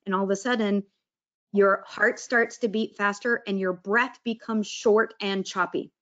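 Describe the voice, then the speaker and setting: A woman with a medium-pitched, fairly bright voice and fairly even intonation talks unhurriedly about mindfulness and breath work over dull audio. She's conversational and acts out quoted inner monologues.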